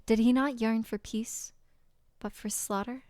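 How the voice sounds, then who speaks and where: Slow-talking young woman streamer, hoarse. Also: fairly high pitch, no echo. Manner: expressive, reacts with laughs and exclamations. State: hoarse, strained voice. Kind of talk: visual novel reading and commentary.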